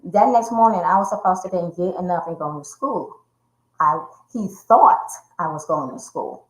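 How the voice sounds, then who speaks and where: Her voice is on the low side and moves at normal speed. As an interview guest, this domestic violence survivor and speaker retells a personal story vividly, performing the voices of people she quotes, in a room with noticeable echo.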